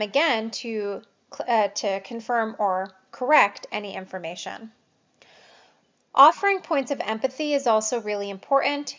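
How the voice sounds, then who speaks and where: A woman teaching patient interviewing in a recorded lecture, explaining clearly and acting out example phrases. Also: on the high side. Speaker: nursing instructor. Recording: dull lo-fi lecture audio.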